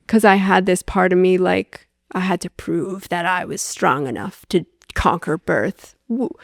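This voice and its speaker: A woman's voice: lowish voice, measured pace, vocal fry, no echo, studio quality. A young adult woman, a podcast guest, telling a candid personal story with lots of fillers and re-enacted dialogue.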